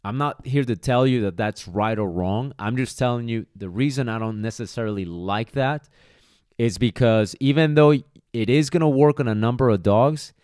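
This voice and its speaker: A man's voice: mid-range voice, a little mellow, clear, resonant tone, no echo, clean studio sound. A man who trains dogs, hosting a podcast monologue and speaking bluntly and emphatically, with casual swearing. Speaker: dog trainer, podcast host.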